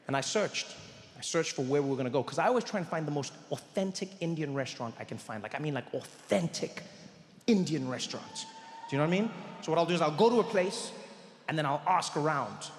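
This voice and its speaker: A man from South Africa telling a stand-up story in an animated, playful way, stretching out his punchlines. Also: on the high side, fast talker, slight background noise. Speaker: stand-up comedian. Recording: echoey hall, faint audience ambience.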